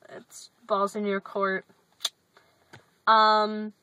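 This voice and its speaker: A woman's voice: mid-range voice, a little slow, sharp tone, low-quality recording. A woman vlogging from her parked car into her phone, chatting in a rambling, sarcastic way. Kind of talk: casual chat.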